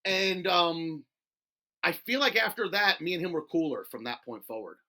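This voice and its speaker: Give me an animated man telling wild stories as a guest, with a bright, tense edge to his voice. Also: on the high side, normal speed. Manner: animated, swears, laughs mid-story, acts out quotes. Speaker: podcast guest. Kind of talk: casual storytelling interview.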